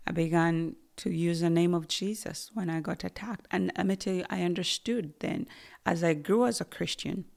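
Give me a woman from Uganda sharing a personal testimony, with a lowish, heavily creaky voice. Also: moderate pace. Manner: emphatic, drops to soft near-whispers at intense moments.

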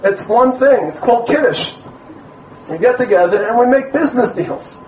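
A man from Brooklyn, giving a lively sermon-style talk to a community gathering, telling stories and mixing in Hebrew terms. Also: very high voice, normal speed, a little hiss or hum. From Brooklyn, USA. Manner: animated storyteller, mixes in Hebrew terms. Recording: echoey room, mic at a distance.

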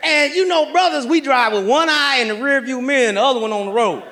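A man performing a stand-up comedy routine, loud and profane, shouting his punchlines. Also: very high voice, fast, a little hiss or hum. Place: comedy stage before a large audience. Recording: live show with loud roaring audience.

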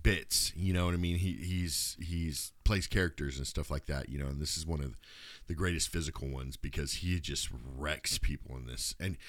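A man's voice: extremely low pitch, normal speed, hardly any pauses, no echo, studio quality. A man co-hosting a podcast, rambling casually about a movie and often saying "you know". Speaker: podcast co-host.

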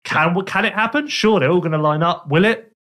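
Young man, podcast co-host, teasing and dry, slightly higher voice, reads listener questions in casual chat. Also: a bit bright. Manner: dry, teasing, quick asides.

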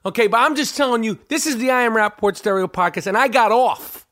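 A man hosting his own podcast, ranting in a brash, animated way, cursing and stumbling over repeated words. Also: very high-pitched, fast talker, no room sound. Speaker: podcast host. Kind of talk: profane rant.

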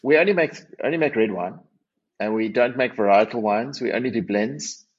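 A man's voice: mid-range voice, normal speed, slight background noise. A man, a winery's managing partner, chatting as a guest in an interview with frequent restarts and self-deprecating humour. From South Africa. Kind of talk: radio interview. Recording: dull lo-fi audio.

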